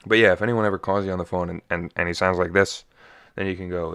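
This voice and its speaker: Young male podcast host, low and smooth, self-deprecating ramble, slightly scratchy voice. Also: little pitch movement, fast, a bit bright. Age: young adult. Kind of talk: casual solo monologue.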